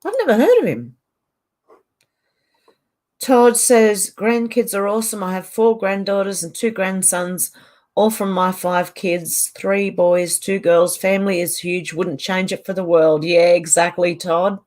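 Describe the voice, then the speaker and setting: A woman's voice: fairly low pitch, fairly even intonation, measured pace, darkish tone. A woman hosting a casual livestream, reading viewers' comments aloud and answering them in a chatty way. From Australia.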